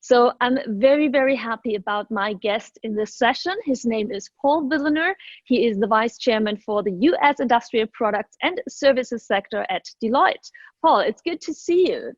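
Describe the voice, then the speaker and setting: A woman hosting an online panel discussion in a courteous, formal way. Her voice sits a little high and sounds dry and close. The audio is dull and lo-fi, like a remote call. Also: lively intonation, moderate pace, dry recording. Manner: polite, formal welcomes and thanks. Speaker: moderator.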